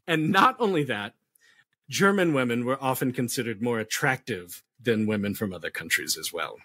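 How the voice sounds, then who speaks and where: A man with a husky voice telling history as a podcast guest, animated and jokey with playful asides. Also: medium pitch, normal speed, dry recording. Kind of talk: casual podcast chat.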